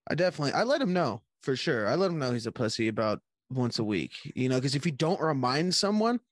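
A man's voice: mid-range voice, sing-song, fast, no echo, clean studio sound. A young man chatting casually on a podcast from a room at home, laughing often and swearing in slangy talk. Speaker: podcast co-host. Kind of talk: casual profane chat.

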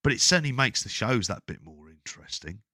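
A man co-hosting a casual wrestling podcast, talking in a sweary, rambling, animated way. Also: mid-range voice, a little fast, no room sound, clean studio sound. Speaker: podcast co-host.

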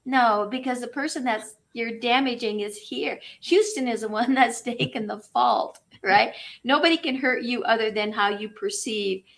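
Woman, spiritual coach, gravelly voice, animated, acts out inner chatter. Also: fairly high pitch, moderate pace, few pauses. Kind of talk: casual interview chat.

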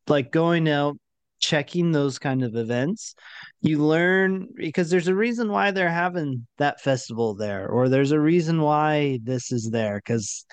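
A man's voice: mid-range voice, clean tone, no echo. A man co-hosting a podcast in casual chat, thoughtful and restarting words as he builds a point.

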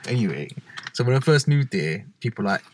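A man's voice: mid-range voice, big pitch swings, fairly quick, darkish tone, a little hiss or hum. A man in casual chat who tells stories animatedly and acts out the people he quotes.

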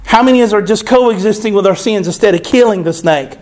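A man's voice: high voice, fast talker, darkish tone. A man preaching a sermon, emphatic and repeating phrases for stress.

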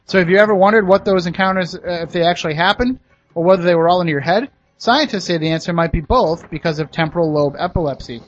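A man's voice: sits high, fast talker, lo-fi sound. A man hosting a casual talk show, reading news stories aloud and adding his own opinions and jokes. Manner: chatty, adds personal opinions and jokes.

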